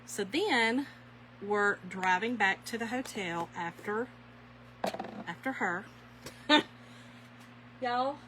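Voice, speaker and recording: A woman telling stories to her viewers as she crafts, folksy and animated, calling them y'all. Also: high voice, slight background noise. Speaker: craft vlogger. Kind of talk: chatty storytelling while crafting.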